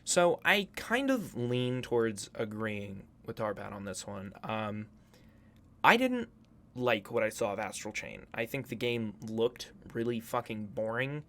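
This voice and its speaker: A man's voice: medium pitch, sing-song, measured pace, a bit bright. A man hosting a casual commentary video, profane, joking and hyperbolic. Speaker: YouTube host.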